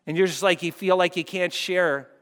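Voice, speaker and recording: A man preaching a sermon as pastor, moving between loud fervent peaks and hushed, soft passages. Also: high voice, steady tone, moderate pace. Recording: long hall reverb.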